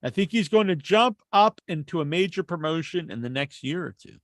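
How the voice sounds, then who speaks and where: A man co-hosting a podcast in casual chat, an animated storyteller who laughs often and acts out sounds. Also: on the high side, fairly quick, no echo, studio quality. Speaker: podcast co-host.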